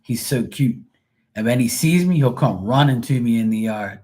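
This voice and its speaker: Animated and darkish in tone, a middle-aged man's medium-pitched voice runs at a normal speed. He's hosting a live stream, chatting casually and meandering through stories as he acts out their characters.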